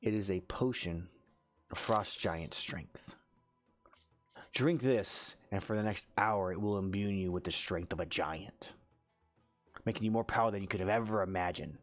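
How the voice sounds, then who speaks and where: A man voicing an old, smiling half-elf merchant with hushed, sly sales patter. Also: sits low, normal speed, faint music behind, natural voice. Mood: confiding.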